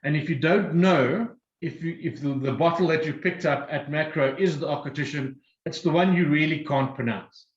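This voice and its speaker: A man's voice: on the high side, moderate pace, few pauses, echoey room, highs cut off. A man presenting a whiskey tasting and explaining each drink step by step. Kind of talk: guided tasting talk.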